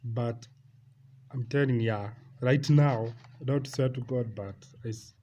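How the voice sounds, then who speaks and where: A man's voice: medium pitch, a little slow, mellow. A young man casually telling a personal story, rambling and repeating himself, with laughs between lines. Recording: slightly dull lo-fi recording with faint noise.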